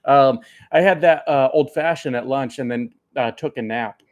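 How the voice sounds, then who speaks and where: A man's voice: mid-range voice, normal speed, muffled recording. A man who drives trucks chatting casually with viewers, rambling and swearing, a bit tipsy from beers. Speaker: trucker streamer. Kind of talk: casual live chat answering viewers.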